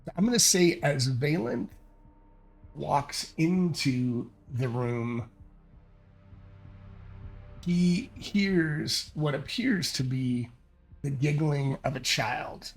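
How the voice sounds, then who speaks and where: Man, solo tabletop narration, halting, gravelly, husky, slow. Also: fairly high pitch, expressive, soft background music. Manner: halting, hesitant, thinking aloud. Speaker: solo game master and player. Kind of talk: thinking-aloud tabletop narration.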